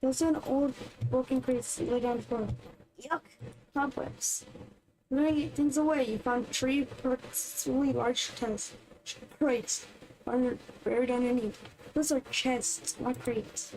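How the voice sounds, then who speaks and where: A woman's voice: sits high, steady tone, a little slow, a little mellow, poor audio. A woman streaming a game in casual commentary, reading the on-screen text aloud between chatty reactions.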